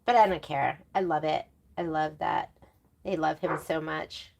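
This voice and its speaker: A woman's voice: deep voice, fairly even intonation, a little slow, vocal fry, a little mellow. A woman presenting a sewing stream from her home sewing room, chatting in a rambling way with laughing asides. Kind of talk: casual livestream chat.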